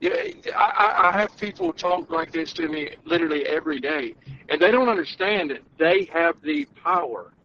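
A man's voice: on the high side, lively intonation, normal speed, sharp tone, muffled recording, a little hiss or hum. A man running for office, arguing bluntly and emphatically in a call-in podcast debate. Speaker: political candidate.

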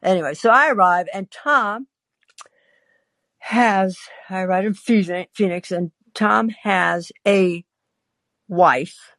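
A woman's voice: medium pitch, slow pace, pauses often, fairly bright tone, no echo. An older woman spins a personal story in a wry, confiding voice. She stops often on small hesitant fillers. Her voice sits at a medium height, and the recording is close and dry. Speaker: podcast host. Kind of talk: storytelling monologue.

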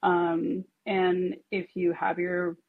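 A woman's voice: on the low side, level tone, takes it slowly, husky, no echo. Hesitant woman on a tinny line. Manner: hesitant, full of fillers. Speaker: panelist.

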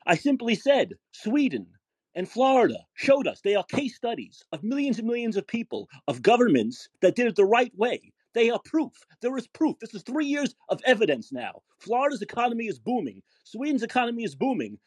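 A man hosting a call-in podcast, arguing heatedly with a caller. He talks in a combative, repetitive way and yells. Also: very high voice, very animated, brisk, husky, no echo. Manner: yelling, combative, repeats himself. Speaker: podcast host.

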